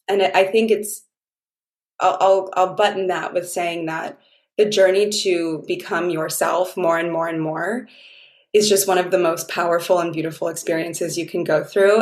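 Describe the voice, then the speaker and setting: In an echoey room, a dating mentor appears as a guest in a relaxed interview conversation. Her lowish voice carries rambling stories told with warmth, heart and plenty of gushing.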